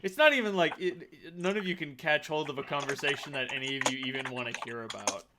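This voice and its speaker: A man running a tabletop game as game master, talking haltingly with many fillers and restarts, breaking into high shrill voices for the characters. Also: very noisy.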